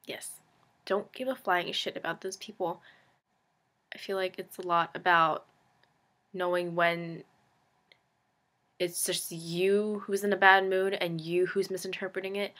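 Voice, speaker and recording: This vlogger, a young woman in her late teens, talks a little slowly with long pauses, her fairly low voice steady yet pushed and bright. In a casual confessional monologue to camera she rambles self-deprecatingly, leaning on "like" and slipping in frank, sarcastic comments.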